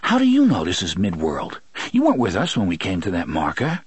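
Narrator doing a streetwise dude, slangy and pointed, slightly husky. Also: male voice, deep voice, wildly swooping pitch, brisk, no room sound, voice pushed down, heavily acted. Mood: suspicious. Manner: casual, slangy, probing questions.

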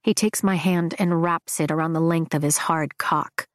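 A woman reading first-person romance narration in an intimate, expressive way. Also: deep voice, normal speed, dry recording, studio quality. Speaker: audiobook narrator.

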